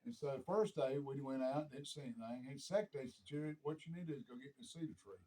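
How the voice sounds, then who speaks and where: A man's voice: medium pitch, fast talker, dark tone, low-quality recording. A middle-aged man telling a hunting story in casual chat, acting out the quoted voices and laughing often.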